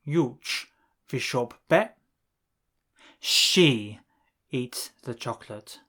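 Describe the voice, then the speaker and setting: Slow, measured man teaching a lesson. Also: medium pitch. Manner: measured, pauses between drill phrases. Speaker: language teacher. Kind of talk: scripted lesson narration.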